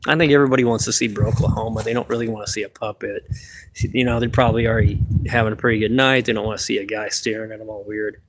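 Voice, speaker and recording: A man's voice: on the low side, fairly even intonation, quick pace. A man hosting a casual late-night livestream from a parked car, rambling offhandedly with some cursing, recorded on a phone. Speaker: livestream host.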